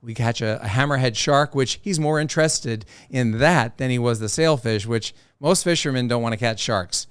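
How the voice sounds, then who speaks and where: A man's smooth, clear voice sits at a middle pitch, recorded close and dry. He tells fishing stories casually and with energy. He slips into little voices for the people he quotes. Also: moderate pace, few pauses, no room sound. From South Florida. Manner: animated storyteller who acts out quoted voices. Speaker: professional angler and TV host, podcast guest. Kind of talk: casual storytelling.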